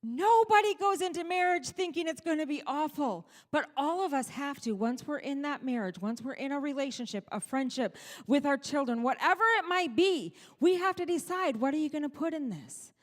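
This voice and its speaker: A woman's voice: high voice, moderate pace. Middle-aged woman pastor preaching in hall. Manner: earnest, quotes people in lively put-on voices. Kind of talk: sermon. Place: church sanctuary. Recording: church hall reverb.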